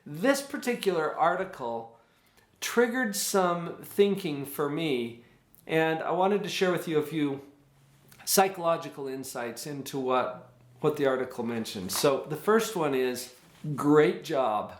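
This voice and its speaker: A man's voice: fairly high pitch, a little slow, reverberant. A male psychologist hosting a parenting advice talk, earnest and full of rhetorical questions, acting out what parents say. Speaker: psychologist host.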